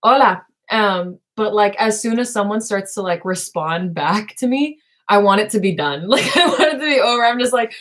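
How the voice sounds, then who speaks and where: A woman's voice: medium pitch, animated, normal speed, hardly any pauses. A young woman hosting a casual late-night stream, rambling with many fillers and laughing often as she talks. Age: young adult. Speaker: live stream host chatting with her sister.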